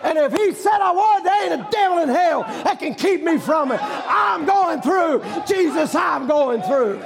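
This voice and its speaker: A man preaching a fiery sermon, shouting emphatically and hammering home repeated rhetorical questions. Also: very high voice, animated, a little slow, vocal fry, crowd noise.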